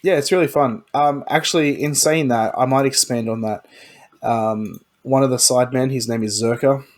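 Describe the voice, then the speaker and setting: A man's voice: medium pitch, moderate pace. A man co-hosting a podcast, talking in an easygoing way with many likes and ums. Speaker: podcast co-host. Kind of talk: casual chat.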